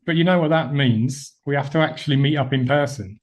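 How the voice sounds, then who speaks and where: A relaxed man hosts a podcast, chatting easily and chuckling often. He has a mid-pitched voice and talks to his co-host over a call. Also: fairly quick. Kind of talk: casual podcast chat.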